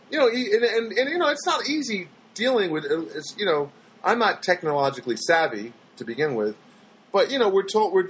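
On a low-quality recording carrying a little hiss or hum, a man with a medium-pitched voice chats to his viewers about daily life. He wanders through his stories in an exasperated tone, keeps starting over, and puts on voices for others when quoting them.

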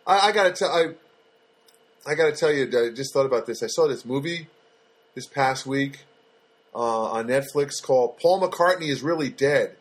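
A man's voice: medium pitch, lively intonation, normal speed, slightly rough. A man hosting a casual solo podcast from his apartment, talking in a loose, rambling way with many fillers and restarts. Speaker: podcast host. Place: studio apartment.

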